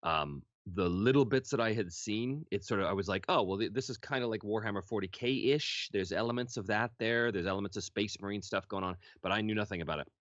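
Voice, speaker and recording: A low-pitched man recalls his work as a voice actor in an easygoing, candid manner, now and then letting a swear slip. The sound is dry and close, but dull and lo-fi. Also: a little fast, few pauses, dry recording. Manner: relaxed, candid, casually profane. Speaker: voice actor guest. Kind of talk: interview storytelling.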